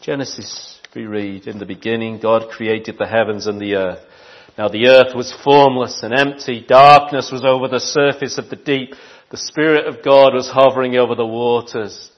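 A man preaching a sermon, swinging from loud declarations to hushed, near-whispered passages. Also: mid-range voice, steady tone, normal speed, dull audio.

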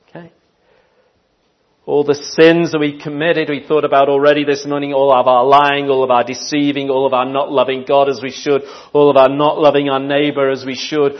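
A man preaching a sermon, swinging from loud declarations to hushed, near-whispered passages. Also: medium pitch, steady tone, brisk, lo-fi sound.

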